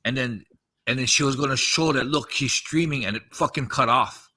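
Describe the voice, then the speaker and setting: A man in his fifties tells a tense story on a podcast, slipping into the voices of the people he quotes and cursing along the way. His voice is very bright and sharp-edged at an ordinary middle pitch. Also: moderate pace. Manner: animated retelling, acting out quoted dialogue, frequent swearing. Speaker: podcast host recounting a story. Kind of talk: casual storytelling.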